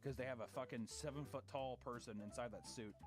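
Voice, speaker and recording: A man's voice: medium pitch, fairly quick, music in the background. A young man streaming, giving casual reaction commentary in a profane, mocking way and laughing often.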